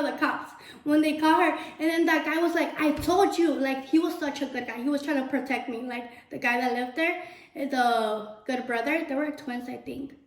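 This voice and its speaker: High-voiced young woman telling a wild story. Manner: chatty, animated storytelling full of swearing. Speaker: vlogger. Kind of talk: casual storytime while cooking. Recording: roomy echo.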